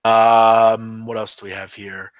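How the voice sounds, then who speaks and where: A man's voice: lowish voice, little pitch movement, takes it slowly, smooth, no room sound. A man hosting a podcast, chatting casually with viewers in a rambling, hesitant way, full of ums and restarts and. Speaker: podcast host. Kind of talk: casual live-stream chat answering viewers.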